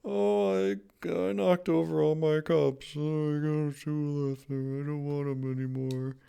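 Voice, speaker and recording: A man's voice: on the high side, level tone, a little slow, creaky, warm tone, clean tone. A man voicing a gloomy, self-pitying significant other in a playful tarot reading.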